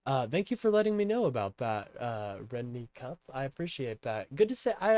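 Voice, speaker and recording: A man's voice: medium pitch, very animated, a little fast, hardly any pauses, darkish tone, no room sound. A young man from Kansas hosting a casual political livestream, rambling with lots of fillers as he talks to his chat. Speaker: livestream host.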